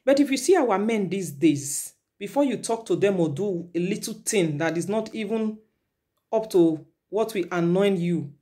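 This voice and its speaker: A woman's voice: medium pitch, lively intonation, normal speed, mellow. A woman from Nigeria with a Nigerian accent, lecturing her viewers in a repetitive, preachy vlog and slipping into Pidgin. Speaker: vlogger.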